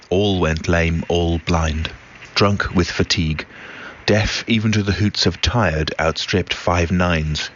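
A man reciting a poem in a grave, measured way, in a dull lo-fi recording with faint hiss. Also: sits low, fairly bright tone. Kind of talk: poetry recitation.

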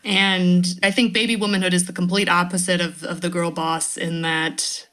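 A woman's voice: fairly low pitch, level tone, moderate pace, fairly bright tone. A woman who is a guest writer on a podcast, talking thoughtfully in casual chat and laughing now and then.

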